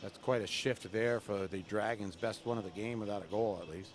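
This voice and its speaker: A man doing relaxed, chatty live play-by-play of a college women's hockey game at a rink. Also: fairly low pitch, fairly quick. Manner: relaxed, chatty, jokes with the camera person between plays. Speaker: play-by-play announcer.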